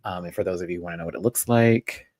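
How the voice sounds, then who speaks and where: A man's voice: low-pitched, very fast, a little mellow, no room sound, low-quality recording. A young man hosting a casual live review, dramatic and swearing, acting out what people said with lots of laughter. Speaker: host reviewing a reality show.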